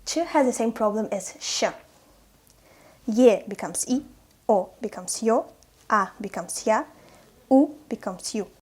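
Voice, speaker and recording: A woman's voice: fairly high pitch, lively intonation, unhurried, long pauses, darkish tone. Woman teaching pronunciation. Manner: clear, demonstrative, repeats each example word. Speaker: language teacher. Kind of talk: pronunciation lesson.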